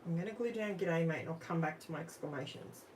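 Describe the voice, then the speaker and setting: A woman's voice: low voice, fast, a little mellow, slight background noise, low-quality recording. An Australian woman hosting a live crafting stream, chatting casually with her viewers while she works. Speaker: crafting livestream host.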